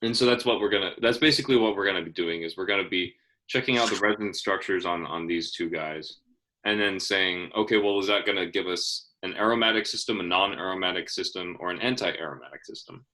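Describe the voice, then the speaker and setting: A young man leads a study session, prompting his student with patient questions and casual restarts. His voice is bright and fairly low. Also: fast. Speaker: chemistry tutor. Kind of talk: tutoring session, guiding questions.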